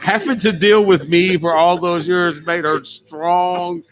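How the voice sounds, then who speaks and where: A man's voice: high-pitched, steady tone, slow, heavy background noise. A man co-hosting a live sports talk show from a tavern, bantering and laughing often. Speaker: co-host.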